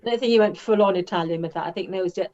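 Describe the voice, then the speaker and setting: A woman's voice: lowish voice, mellow, muffled recording. Woman co-host chiming in casually. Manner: brief interjections and quick questions. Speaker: podcast co-host. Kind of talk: casual chat.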